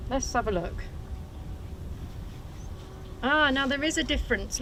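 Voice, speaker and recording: A woman's voice: high voice, measured pace, a bit bright, slight background noise. A woman hosting a live stream outdoors, chatty, friendly and giggly, speaking politely and nicely. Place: outdoors at an airfield.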